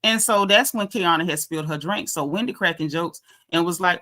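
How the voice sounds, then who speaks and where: A woman's voice: lowish voice, a little fast, hardly any pauses, sharp tone. A woman, hosting a casual, sassy recap and acting out quoted lines for her live chat. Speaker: reality show recap host.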